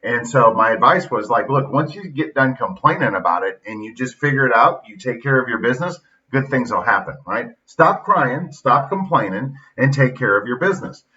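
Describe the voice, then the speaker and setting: A man's voice: medium pitch, animated, moderate pace, few pauses, bright, forceful tone, recorded from a distance. A middle-aged man hosting a casual motivational monologue, blunt and folksy, retelling stories with quoted dialogue. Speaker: podcast host and youth football coach. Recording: dull lo-fi sound, slightly off-mic.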